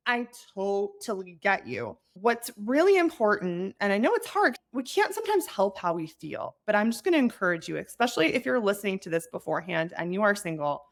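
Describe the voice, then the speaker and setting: A woman's voice: mid-range voice, big pitch swings, fairly quick, hardly any pauses. A woman in her thirties hosting an advice podcast, talking in an earnest, chatty way that turns emotional at times. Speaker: podcast host.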